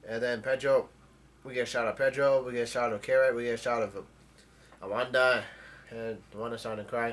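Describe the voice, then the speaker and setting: A man casually summarizing the plot of a comic chapter, with halting speech full of ums, uhs and restarts. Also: medium pitch, flat delivery. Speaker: manga chapter recapper.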